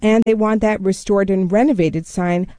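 A woman culture correspondent explaining a story in a measured, steady way during a radio news interview. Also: medium pitch, dry recording.

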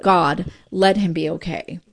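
A woman immigration correspondent narrating a news report in a measured storytelling delivery. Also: fairly low pitch, steady tone, vocal fry, crowd noise.

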